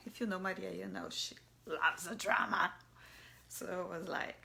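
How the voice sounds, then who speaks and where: A mother telling a personal story in a soft, halting voice that often drops to a whisper. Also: mid-range voice, steady tone, gravelly. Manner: halting, searching for words.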